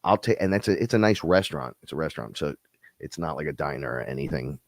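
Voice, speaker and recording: Deep-voiced man rambling in casual talk. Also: animated, quick pace, no echo. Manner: rambling storyteller, swears freely, acts out other people in high voices. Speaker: podcast co-host. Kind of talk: casual live-stream chat.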